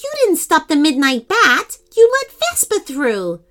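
A woman voicing a brave young girl racer in a children's story, shouting urgently. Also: very high-pitched, big pitch swings, a little slow, pitched above the performer's own voice, exaggerated voice.

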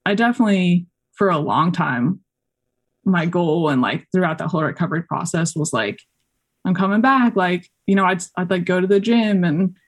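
A young woman from Colorado, a podcast guest telling stories in a chatty way, full of fillers and quick acted-out quotes. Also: on the low side. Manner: chatty, many fillers, acts out quoted voices. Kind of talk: casual interview chat.

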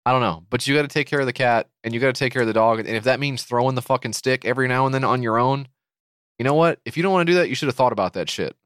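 A man's voice: medium pitch, very fast, a bit bright, smooth, no echo, studio quality. A man co-hosting a podcast in casual comedic chat, swearing freely and riffing with sarcastic asides. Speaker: podcast co-host.

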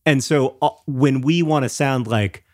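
A man's voice: mid-range voice, a little slow, no echo, clean studio sound. A man co-hosting an advice podcast in casual chat, teasing his co-host, laughing often and drifting into tangents.

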